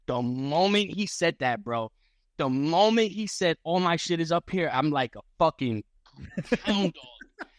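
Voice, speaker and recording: A man on a podcast as a guest fighter, telling a story in casual chat, animated and profane, acting out what others said. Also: fairly high pitch, unhurried, no echo, studio quality. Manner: animated, profane, acts out quotes.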